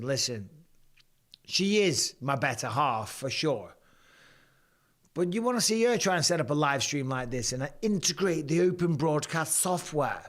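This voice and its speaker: A man with an English accent in his forties, hosting a live reaction stream, talking bluntly and joking with plenty of swearing. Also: on the high side. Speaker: host.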